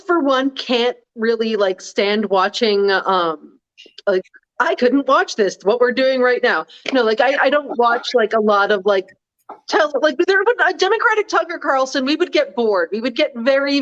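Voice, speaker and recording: A woman co-host talks in a wry, self-mocking way, full of "like". Her voice is fairly high. The audio is dull and lo-fi. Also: expressive, normal speed, fairly bright tone. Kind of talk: casual political chat.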